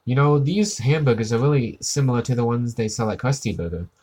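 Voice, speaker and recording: A man's voice: medium pitch, fairly quick, a little mellow, natural voice. A man doing a dry, suspicious Superintendent Chalmers. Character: stern middle-aged male school superintendent.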